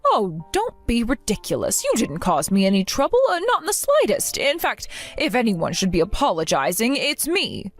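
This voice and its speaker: A middle-aged woman playing a resilient mother who gently comforts her grown daughter. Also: on the high side, wildly swooping pitch, moderate pace, hardly any pauses, faint music behind, exaggerated voice. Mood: gentle. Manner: gentle, reassuring.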